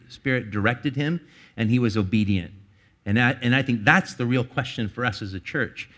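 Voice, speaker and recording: A man's voice: medium pitch, fairly bright tone. A man preaching a sermon, telling a personal story in a rambling way with many restarts and laughs. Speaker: pastor.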